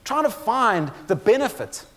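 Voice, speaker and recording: A man's voice: extremely high pitch, big pitch swings, measured pace, a bit bright. A man giving a keynote talk, telling stories with dry humor and speaking straight to the audience. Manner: storytelling with dry humor, addresses audience directly. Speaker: motivational speaker. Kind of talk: keynote presentation on stress. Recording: long hall reverb.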